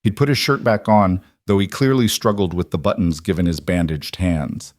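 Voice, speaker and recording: A man narrating a western romance story in a calm, even storytelling manner. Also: low voice, moderate pace, no room sound, studio quality. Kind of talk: scripted audiobook narration.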